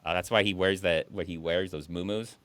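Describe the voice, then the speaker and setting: A man streaming a movie riff, talking in casual commentary, laughing and putting on quick mock voices. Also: low-pitched. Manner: animated, laughing, mock quotes in put-on voices.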